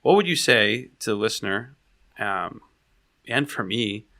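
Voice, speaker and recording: A man's voice: lowish voice, lively intonation, a little slow, pushed and bright. A man co-hosting a casual conversation, asking questions and laughing easily. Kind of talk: casual conversational podcast talk.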